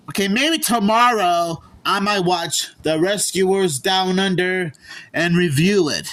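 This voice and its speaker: A man giving a casual spoken movie review, halting and often repeating and restarting his words. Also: high voice, fairly bright tone.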